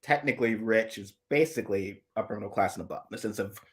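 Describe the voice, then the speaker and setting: With a lowish voice and a quick pace, this male co-host thinks aloud during a casual live chat. His long asides are analytical and rambling, broken up by many restarts.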